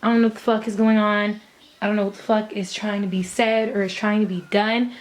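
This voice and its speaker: A young woman vlogs casually from her bedroom in a mid-range voice with a steady tone and normal speed. She's chatty, swears freely and laughs between thoughts.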